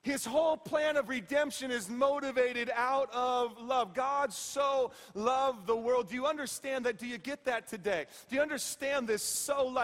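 A middle-aged man preaching a sermon as pastor, playful and emphatic, dropping to a hush and then rising to shouts. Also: very high voice, big-room sound. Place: church sanctuary.

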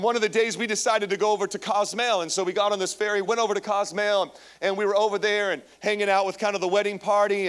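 A male pastor preaching a sermon to a live congregation, telling a personal story with lively energy and calling out to the listeners. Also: sits high, clean tone. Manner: animated storytelling, calls out to the congregation. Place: church, before a live congregation.

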